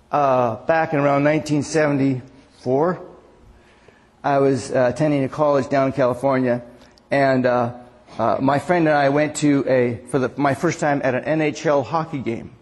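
Now his pitch sits in the middle, with fairly even intonation, a normal pace and a slightly mellow tone. The sixty-something pastor keeps his sermon casual, storytelling chattily and restarting often amid echoey hall reverb.

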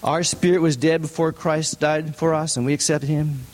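A man preaching a sermon, putting questions to the congregation and stressing points with sharp rises in his voice. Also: level tone, normal speed. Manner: asks the congregation many questions, rises in pitch for emphasis. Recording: long hall reverb.

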